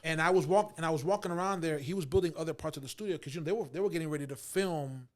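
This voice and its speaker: A man in his forties tells a lively story as an interview guest. His voice sits high for a man and moves quickly, and he acts out the other people's lines with lots of laughter. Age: 40s. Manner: expressive storyteller acting out quotes, laughing often. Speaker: actor guest. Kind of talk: animated storytelling.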